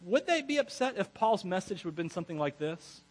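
Male pastor, higher-pitched and husky, preaching a chatty, laughing sermon full of asides. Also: brisk, rough recording. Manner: animated, laughs often, self-correcting asides.

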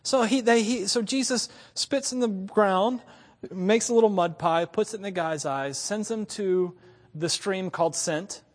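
A man's voice: high-pitched, a little slow, long reverb tail. A man in his thirties preaching a sermon as a pastor, telling stories animatedly with frequent chuckles. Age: 30s. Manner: animated storytelling with frequent laughs.

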